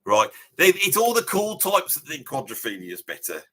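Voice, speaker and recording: A boastful old rocker with a thick Birmingham accent, put on by a man spins rambling tall tales in a comic live reaction. His voice sits a little high and swoops about, with a bright, sharp edge, and he keeps tossing in 'bloody' and 'right?' with mock indignation. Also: huge pitch swings, normal speed, full character voice. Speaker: live reaction streamer in character.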